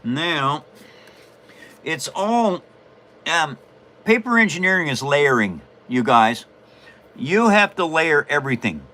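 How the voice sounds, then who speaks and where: A man's voice: a little high, very animated, slow, pauses often, bright, forceful tone. A man hosting a live stream, chatting casually while he works on a paper model and answers viewers. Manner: chatty, explains while building, self-amused. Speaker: host and paper model builder.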